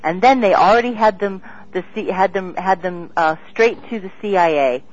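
Excitable woman on a dull lo-fi radio line. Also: mid-range voice, normal speed. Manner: rambling, excitable, with many restarts. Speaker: guest. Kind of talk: interview.

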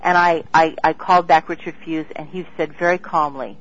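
A woman guest in an interview, talking in an excitable, rambling way with many restarts. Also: deep voice, fairly quick, hardly any pauses, a little hiss or hum. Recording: dull lo-fi radio sound.

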